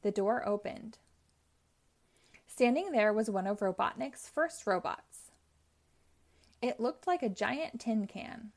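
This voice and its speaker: A woman hosting a read-aloud show, narrating a children's chapter book in a clear, even way. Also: a little high, takes it slowly, pauses often. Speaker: host.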